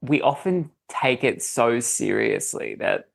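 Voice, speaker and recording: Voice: mid-range voice, huge pitch swings, takes it slowly, creaky. A podcast host in casual conversation, affirming the guest and laughing along. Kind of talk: casual interview chat.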